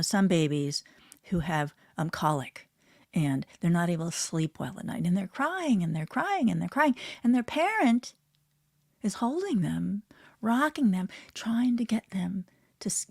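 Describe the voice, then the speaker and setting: A woman sound healer leading a guided healing meditation, speaking softly and slowly and often dropping to a whisper. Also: mid-range voice, husky, dry recording, clean studio sound. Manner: soft, slow, often drops to a whisper.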